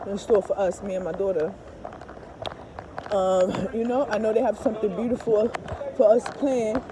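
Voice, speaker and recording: A woman's voice: medium pitch, steady tone, moderate pace. A woman talking casually to her viewers in a rambling vlog, cursing freely and constantly asking if they understand, recorded outdoors by a street. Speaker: vlogger. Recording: street noise behind the voice. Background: passing traffic and car engine noise.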